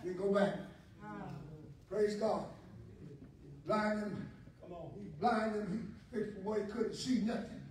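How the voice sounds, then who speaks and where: A man preaching a sermon, shouting call-and-response lines and then dropping to quiet talk. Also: high-pitched, fairly even intonation, slow pace, pauses often, a little hiss or hum. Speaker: pastor. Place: large church sanctuary. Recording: echoey church hall from far off.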